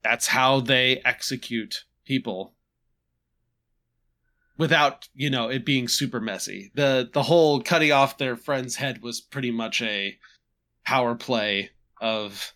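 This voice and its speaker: A man casually recapping a tabletop game session, halting and restarting with chuckles. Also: medium pitch, pushed and bright. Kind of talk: casual chat.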